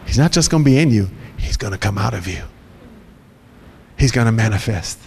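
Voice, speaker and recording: A man's voice: lowish voice, expressive, a little fast, gravelly, a little mellow, in a large hall, a little hiss or hum. A male pastor preaching a sermon with emphatic delivery and repeated phrases.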